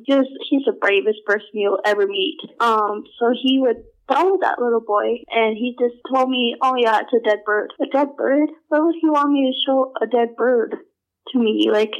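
A young adult woman telling personal stories in a casual, halting way, full of filler words and restarts. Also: medium pitch, rough recording. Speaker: storyteller.

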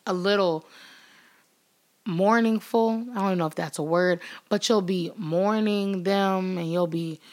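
A woman's voice: medium pitch, unhurried. A woman vlogger giving a motivational talk to her viewers, repeating phrases for emphasis and acting out the voices she quotes. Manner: speaks straight to viewers, acts out quoted voices; laughs now and then. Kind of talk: motivational vlog talk to camera.

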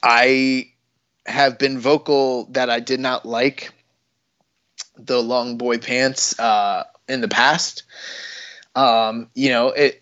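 A man's voice: medium pitch, a bit bright. A man chatting casually as a podcast co-host, rambling and joking, with offhand swearing. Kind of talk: casual wrestling chat. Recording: dull lo-fi recording.

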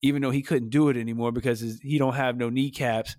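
A man co-hosting a podcast, with a mid-pitched voice recorded close and dry. He talks in a heated, animated, slangy way and often jumps his pitch up for emphasis. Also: fast, no echo. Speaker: podcast co-host. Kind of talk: casual podcast chat.

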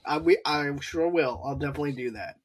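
A man's voice: fairly high pitch, fast talker, crowd noise. A man co-hosting a movie review podcast, retelling scenes at length with chuckles. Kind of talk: casual chat.

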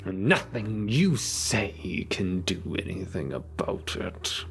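A man voicing a frantic, raging male vampire mayor who speaks in slow, drawn-out, contemptuous menace. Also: low voice, lively intonation, gravelly, a bit bright, a little hiss or hum, full character voice.

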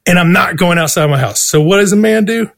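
Profane, high-voiced man telling a wild story. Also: fast, vocal fry. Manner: profane, animated, acts out his own quotes. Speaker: guest musician. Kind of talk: casual storytelling.

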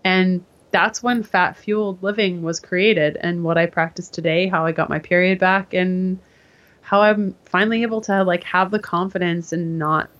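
A woman guest in an interview, telling her story in a casual, animated way and acting out what others said to her. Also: on the low side, moderate pace. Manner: animated, acts out quoted voices. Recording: dull lo-fi sound.

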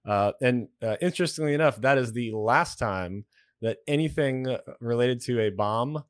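A man's voice: mid-range voice, normal speed, smooth, no room sound, studio quality. A man in his forties, a retired military aviator, talking as a guest on a podcast in a wry, blunt, explanatory way. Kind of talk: casual podcast conversation.

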